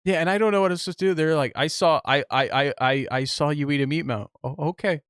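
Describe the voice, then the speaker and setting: A man's voice: on the high side, fairly quick, smooth, dry recording. Young man telling stories on a podcast, dry sound. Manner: animated storytelling, acts out other people's lines. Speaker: podcast co-host. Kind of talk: casual chat.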